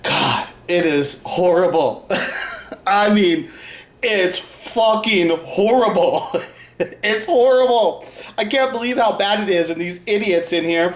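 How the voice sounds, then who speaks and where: A man's voice: sits high, lively intonation, measured pace. A man hosts his own commentary show with a crude, profane, mocking rant, laughing between lines. His voice sits in an ordinary middle range. The sound is roomy and echoey. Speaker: host. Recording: roomy echo.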